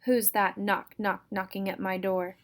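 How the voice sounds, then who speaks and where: A woman reading a storybook aloud, voicing a mean, bossy old backwoods woman with a shrill, harsh voice and folksy rural grammar. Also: level tone, measured pace, natural voice. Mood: taunting.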